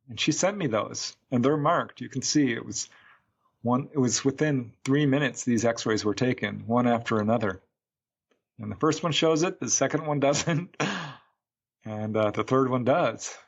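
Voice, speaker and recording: A man's voice: mid-range voice, unhurried, vocal fry, husky, dull audio. A man, a UFO researcher, recounting a case as a guest in a podcast interview, a chatty storyteller who acts out quotes.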